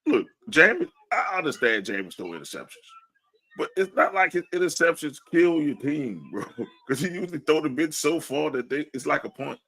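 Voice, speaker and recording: A man co-hosting a sports podcast, animated and laughing as he mocks fans' takes. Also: on the high side, normal speed, vocal fry, rough recording. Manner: animated, laughing, mock-quoting fans. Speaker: podcast co-host. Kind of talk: casual sports talk.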